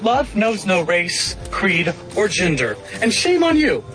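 High-voiced indignant dad lecturing the haters, film clip with music under it. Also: male voice, huge pitch swings, slow, exaggerated voice. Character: indignant man defending his adopted baby. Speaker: film character.

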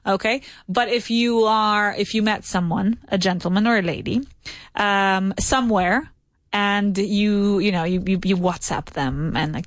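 A woman's voice: mid-range voice, a little slow, no room sound. A woman teaching a private English lesson, patiently repeating answers and praising her students. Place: Madrid.

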